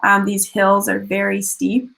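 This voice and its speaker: Young woman from Canada, casual storyteller, chatty with lots of fillers, gravelly fry in a mid-pitched voice. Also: a little slow, low-quality recording. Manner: animated, chatty, many fillers and restarts. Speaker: speaker sharing a personal journey. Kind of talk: casual storytelling over photos.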